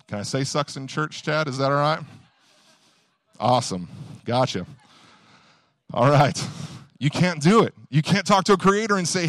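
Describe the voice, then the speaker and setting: A man's voice: on the high side, lively intonation, a bit bright, no room sound, studio quality. A young man, preaching a casual, conversational sermon, telling stories and pushing hard on key points. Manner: conversational, storytelling, quick bursts of emphasis.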